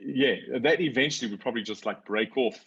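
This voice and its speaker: A man in his forties telling a story as a guest in a casual conversation, lively when he quotes others. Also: medium pitch, fast talker, slightly rough, lo-fi sound.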